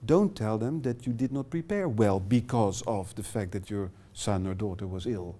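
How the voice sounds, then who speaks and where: Dutch-accented middle-aged male trainer, mellow tone, halting English with fillers, small classroom. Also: fairly low pitch. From Netherlands. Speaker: workshop trainer. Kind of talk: live workshop presentation.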